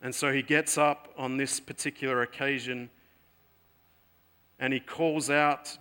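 A man preaching a sermon, telling a story in an earnest way that moves between emphatic and hushed. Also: mid-range voice, flat delivery, measured pace, pauses often, smooth.

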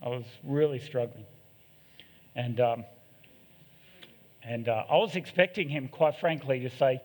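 With a mid-range voice and a measured pace full of long pauses, a middle-aged man delivers a sermon. He's open, self-deprecating, and fond of joking asides, and the church hall gives a long echo.

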